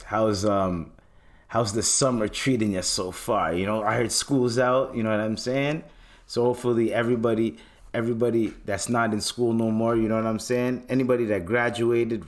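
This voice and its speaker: A man hosting his own podcast solo, chatting loosely and casually with lots of slang and filler asides. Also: on the low side. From Canada. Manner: hyped sing-song intro, then loose slangy rambling. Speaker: podcast host. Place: studio in a city.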